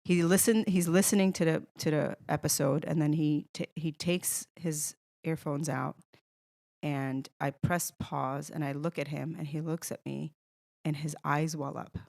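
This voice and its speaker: A young woman from Iran tells a personal story as a podcast guest, jumping between restarts and little acted-out exchanges. Her voice sits a bit low for a woman. The recording is close and dry, with no room sound. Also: a little slow, creaky, no echo. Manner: animated, restarts often, acts out quoted dialogue. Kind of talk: emotional storytelling in casual conversation.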